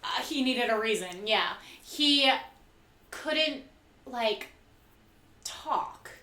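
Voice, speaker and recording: A woman co-hosting a comedy show, chatting and telling stories with quick reactions and plenty of "like". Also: on the high side, lively intonation, pushed and bright. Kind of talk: casual chat, storytelling. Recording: echoey room.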